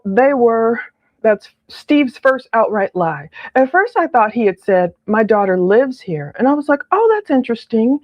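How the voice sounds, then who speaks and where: A woman's voice: medium pitch, dry recording, dull audio. A woman giving casual, chatty commentary over audio clips, laughing often and quoting people in mock voices. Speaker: true crime commentator.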